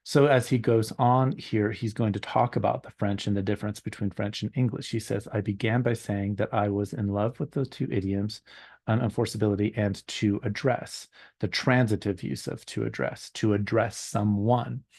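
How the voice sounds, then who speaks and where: A man giving a recorded university lecture, hesitant and full of ums and uhs, thinking aloud and slowing down on examples. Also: fairly low pitch, steady tone, darkish tone, no room sound. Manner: slows down on quoted examples.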